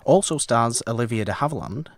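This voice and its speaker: Talking films on a podcast he co-hosts, a man rambles casually and wryly, frequently correcting himself. He has a medium-pitched, expressive voice with vocal fry, and he speaks fairly quickly.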